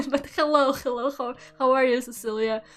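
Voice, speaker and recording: Faint background music accompanies a young woman streamer whose voice sits high and sounds a bit bright, at a normal speed. Reading a book aloud and chatting casually, she giggles, gets sarcastic, swears and stumbles over words.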